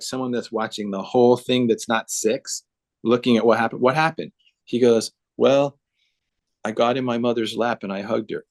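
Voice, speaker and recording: Guy on a zoom call, earnest, acting out the dialogue as he tells it, fairly average pitch. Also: darkish tone. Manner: earnest, emphatic, acts out dialogue. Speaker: guest speaker. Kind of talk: conversational storytelling on a video call. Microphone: video call.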